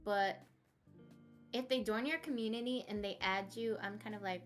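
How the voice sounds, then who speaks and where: A woman's voice: medium pitch, normal speed, fairly bright tone, faint music behind. A young woman streamer chatting casually as a podcast guest, laughing often. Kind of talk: casual interview chat.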